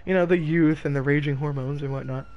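A young man streaming a game, talking casually with loud, profane, laughing trash talk. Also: on the high side, fairly even intonation, quick pace, lo-fi sound. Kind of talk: casual gaming stream commentary.

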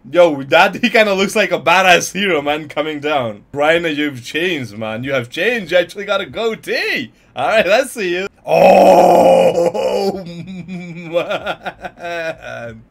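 A man hosting an anime reaction video, commenting live in an excitable way and tossing in "yo" and "man" a lot. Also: a little high, normal speed, hardly any pauses. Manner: excitable, repeats "yo" and "man", bursts into laughs and shouts. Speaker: anime reaction channel host.

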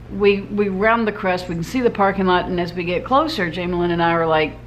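A woman's voice: on the low side, fairly bright tone, slight background noise. A woman vlogger telling a travel story to camera in a chatty, easygoing way, laughing now and then.

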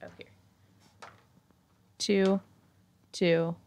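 A woman's voice: medium pitch, flat delivery, drawn-out words, darkish tone, slight background noise. A woman playing a tabletop game, talking casually and hesitantly with frequent ums. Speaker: player.

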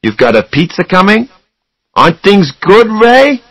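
A man's voice: on the high side, big pitch swings, normal speed, creaky, fairly bright tone, dry recording, pitched above the performer's own voice, exaggerated voice. A man reading a storybook voices an impatient, money-hungry younger brother, raising his voice. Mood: coaxing.

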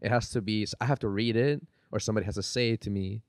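A man's voice: lowish voice, fast talker, no echo, clean studio sound. A man telling a story in casual chat as a podcast guest, acting out the quotes with animation.

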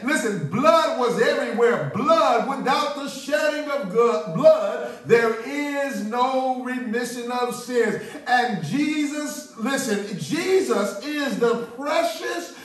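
Man, high voice, slow deliberate preaching, excitable, repeats himself, very echoey church, heard from a distance. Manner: excitable, repeats words and restarts. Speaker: pastor. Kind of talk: sermon. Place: church sanctuary. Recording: echoey room, mic at a distance.

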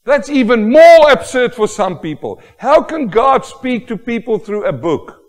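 A man preaching a sermon with emphatic, exclamatory delivery, building to loud rhetorical questions. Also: extremely high pitch, sing-song, measured pace, big-room sound. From Australia. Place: church hall.

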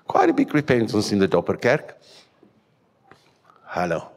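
A South African man, Afrikaans by birth, preaching from the pulpit with a somewhat low voice. He is emphatic and animated, firing rhetorical questions at the congregation as he goes. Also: normal speed, slightly rough. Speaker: pastor. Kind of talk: sermon. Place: church hall.

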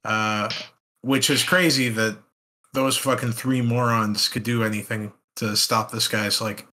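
A man's voice: on the low side, fairly even intonation, sharp tone. A young man co-hosting a casual podcast, joking and swearing, often laughing and slipping into silly voices. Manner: laughing, profane, jokey, puts on quick silly voices. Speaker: podcast co-host.

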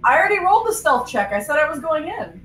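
A woman's voice: high-pitched, big pitch swings, fast, a bit bright, roomy sound. A woman playing a tabletop game, chatty and insistent, with many fillers. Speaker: player. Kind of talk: casual chat.

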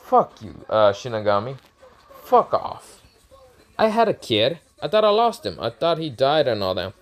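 A man's voice: mid-range voice, big pitch swings, unhurried, faint music behind. A man voicing a foul-mouthed, hot-tempered male god who is fiercely protective, speaking in angry outbursts in a casually told fan story.

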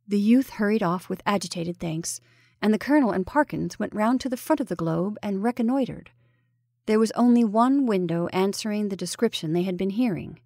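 A woman narrating a classic ghost story in a measured, even reading style. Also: medium pitch, no room sound, studio quality.

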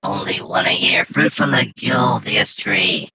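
A man voicing a shifty male goblin auctioneer who hawks his wares loudly in broken speech. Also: on the low side, unhurried, vocal fry, loud music behind the voice, low-quality recording. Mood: hawking. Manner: broken speech, loud sales patter.

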